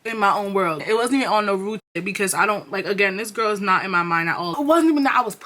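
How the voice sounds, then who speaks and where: A young woman telling a personal story-time to her viewers, blunt and profane, animated in her storytelling. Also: medium pitch, fast talker. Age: young adult. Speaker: storyteller vlogger.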